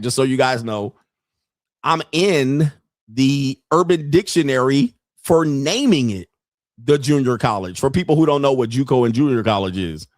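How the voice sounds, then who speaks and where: A man hosts a podcast and rants in blunt, profane commentary. He mocks freely and often breaks into laughter. His voice sits at an ordinary middle pitch and sounds close and dry, with no room around it. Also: no echo. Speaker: podcast host and dating commentator. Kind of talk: casual podcast rant.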